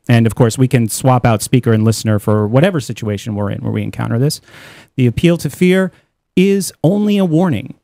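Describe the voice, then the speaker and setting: A man's voice: mid-range voice, no room sound. A man hosting a radio talk show, reading definitions aloud and adding his own asides. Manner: animated, reads quotes aloud with asides. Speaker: host.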